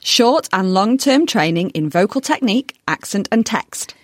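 A woman voice coach reading a scripted ad in a sassy, animated way. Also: mid-range voice, normal speed, no room sound. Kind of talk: scripted ad read.

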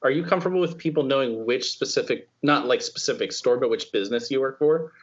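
A man's voice: mid-range voice, fast talker. A man hosting a podcast, talking in a loose, joking way with casual swearing. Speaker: podcast host. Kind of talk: casual chat. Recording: dull lo-fi sound.

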